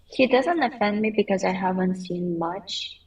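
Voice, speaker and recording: Slow-talking woman, a bit off mic. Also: mid-range voice, distant mic, rough recording. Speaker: podcast guest. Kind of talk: casual chat. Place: podcast recording in Seoul.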